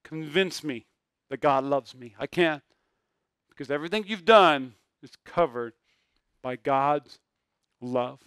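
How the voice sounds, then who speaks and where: A male pastor preaching with a high, smooth, resonant voice. He swings from loud, emphatic bursts down to soft, hushed phrases. The sound is close and dry, with no room around it. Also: slow pace, long pauses, dry recording. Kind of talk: sermon.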